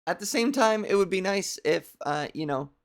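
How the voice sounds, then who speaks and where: A woman's voice: fairly low pitch, lively intonation, normal speed. A young woman with a scratchy, cartoony voice hosts a comedy stream in a rambling, profane, self-deprecating way. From Canada. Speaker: comedy show host. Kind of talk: casual live-stream monologue.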